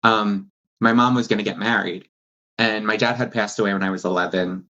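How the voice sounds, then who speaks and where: A man in his thirties from New Jersey, telling stories casually as a podcast guest, laughing often and acting out quotes in a higher voice. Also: steady tone, fairly quick, sharp tone. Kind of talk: casual storytelling. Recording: dull lo-fi sound.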